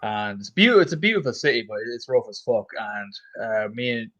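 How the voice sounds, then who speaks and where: A man's voice: mid-range voice, big pitch swings, brisk, a bit bright. A man from Ireland with an Irish accent, telling a rambling story in casual chat and swearing freely.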